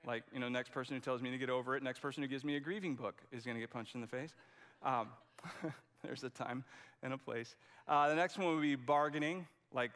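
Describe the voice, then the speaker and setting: A pastor preaches a sermon in a conversational yet emphatic manner, frequently restarting his sentences. His voice is medium-pitched and fairly bright, with fairly even intonation and a fairly quick pace.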